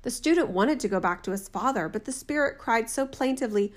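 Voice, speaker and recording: A woman reads a fairy tale aloud at an even, measured pace, her voice on the higher side. It is plain storybook narration, unhurried and clear. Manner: steady, measured reading.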